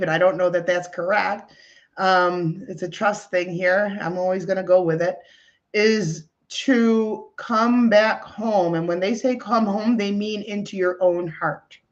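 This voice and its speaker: A woman spiritual healer speaks softly and soothingly, with many fillers, as she gives a talk and leads a breathing meditation. Her voice sits at a medium pitch. The audio is a little dull and muffled. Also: unhurried. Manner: gentle, soothing, with frequent fillers.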